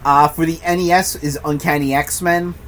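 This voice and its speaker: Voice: medium pitch, fairly even intonation, moderate pace. A laid-back podcast co-host with a mid-range voice, rambling through memories of retro games. Faint background noise sits under the talk. The delivery trails off and swears casually. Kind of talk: casual chat about retro video games.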